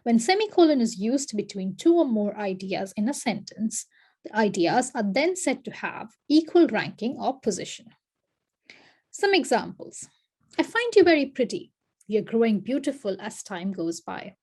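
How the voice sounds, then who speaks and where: A woman's voice: mid-range voice, expressive, normal speed, darkish tone, slightly rough. A woman narrating a scripted grammar lesson as a teacher, reading example sentences aloud with lifted, emphatic delivery.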